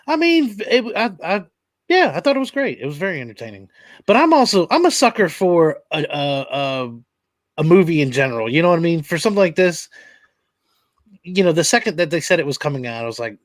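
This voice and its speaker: A man joins a live stream as a guest and talks casually and playfully. His voice is lively and swings widely in pitch. The dry, close sound carries halting restarts as he works out his thoughts. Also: no room sound. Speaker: guest co-host.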